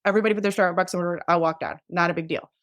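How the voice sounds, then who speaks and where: A woman's voice: on the low side, very fast, no room sound, studio quality. A middle-aged woman in a casual interview, talking candidly and animatedly and often acting out what people say. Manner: candid, animated, acts out quoted dialogue. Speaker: nurse practitioner guest.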